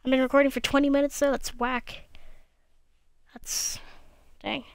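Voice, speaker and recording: A young woman narrates her own gameplay in a loose, worn-out way, half muttering to herself with a slight lisp. Her voice sits a little high and sounds smooth and clean through a gaming headset. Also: level tone, unhurried, no echo, clean studio sound. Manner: tired and cranky, mumbling asides to self. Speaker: gaming video creator. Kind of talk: casual gameplay commentary.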